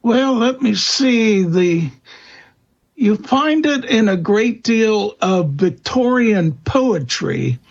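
A man speaking as a guest expert in an interview, answering in a halting way with many fillers and restarts. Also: high-pitched, expressive, creaky, dull audio. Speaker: guest expert on vampire lore.

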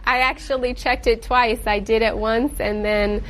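A woman's voice: a little high, steady tone, moderate pace, fairly bright tone, rough recording. A woman police criminalist in an interview, speaking in a matter-of-fact way.

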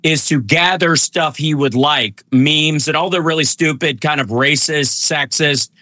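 A male radio guest with a bright, forceful tone, recorded dry and close. He talks in a wry, chatty way full of fillers, and his voice is still recovering from being lost. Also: a little high, measured pace, dry recording. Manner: chatty and wry, with fillers and self-deprecating jokes. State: recovering from voice loss. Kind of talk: casual radio chat.

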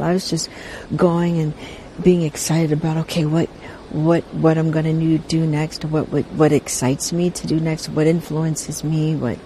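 A middle-aged woman being interviewed about her career and family, talking softly and haltingly and repeating words as she searches for them. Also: low-pitched, a little hiss or hum, poor audio. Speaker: interview guest, veteran entertainer. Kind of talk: casual interview conversation.

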